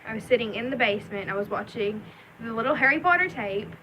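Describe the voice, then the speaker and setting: Bright-voiced young woman, chatty vlog. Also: a little high, animated, quick pace, a little hiss or hum, poor audio. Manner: rambling, chatty, many ums and likes. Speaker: vlogger. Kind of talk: casual storytelling vlog.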